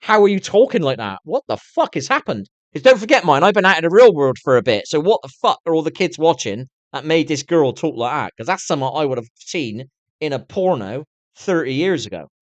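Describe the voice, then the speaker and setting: A man's voice: fairly high pitch, lively intonation, fairly quick, no echo. A middle-aged man chatting to his viewers on a live stream, swearing constantly and rambling on in a candid way. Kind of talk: casual rambling chat to viewers.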